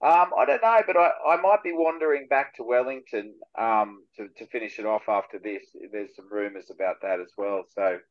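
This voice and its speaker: A male actor with an Australian accent, a guest on a radio show, telling stories in relaxed chat and laughing easily. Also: lowish voice, moderate pace, hardly any pauses, lo-fi sound.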